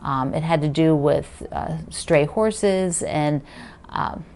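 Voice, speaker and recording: A woman with a somewhat low voice hosts a casual quilting video. She rambles warmly through her thoughts, full of fillers and restarts. She gushes with enthusiasm. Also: takes it slowly, slight background noise. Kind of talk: casual chat.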